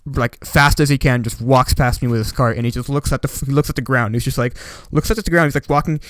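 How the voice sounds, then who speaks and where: Storytime vlogger, young man rambling with lots of fillers, smooth voice, dry close mic. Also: medium pitch, fast talker, no echo. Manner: rambling, animated retelling with filler words. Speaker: YouTuber. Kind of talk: casual storytime monologue.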